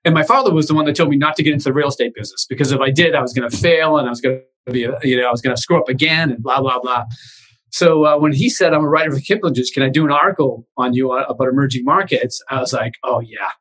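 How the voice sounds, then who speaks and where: Fast-talking Boston man telling stories. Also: mid-range voice, poor audio. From Boston area, USA. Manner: animated anecdotes, acts out quoted voices. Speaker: guest, real estate investor and author. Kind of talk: casual interview storytelling.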